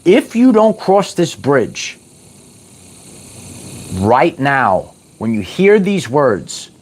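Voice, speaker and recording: A man's voice: medium pitch, wildly swooping pitch, very slow. A middle-aged man hosting a spiritual wellness livestream, talking to his chat in a playful, repetitive motivational style and drawling words like "baby".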